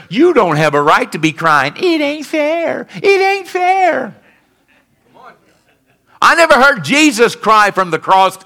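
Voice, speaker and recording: A male pastor preaching a sermon, calling out to the congregation for responses and swinging between fervent peaks and quiet lows. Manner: rises to fervent emphatic peaks, then drops low and quiet.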